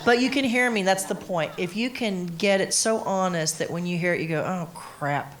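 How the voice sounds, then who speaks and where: A woman's voice: fairly low pitch, normal speed. A middle-aged woman, a singer telling stories emphatically on a conference panel, acting out quotes. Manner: emphatic, animated storyteller who acts out quotes. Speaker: interviewee, singer. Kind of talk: candid conversation on a panel. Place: conference stage before an audience.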